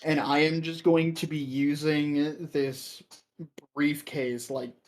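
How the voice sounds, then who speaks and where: A man playing a tabletop game, describing his actions in a deliberate, hesitant way. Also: a little high, level tone. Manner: slow, deliberate, hesitant with ums. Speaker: player.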